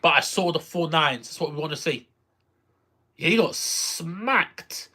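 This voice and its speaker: Excitable streamer with a lively, bright voice. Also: mid-range voice, unhurried, husky. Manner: excitable, repeats phrases and exclaims. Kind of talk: casual live-stream reaction to a game.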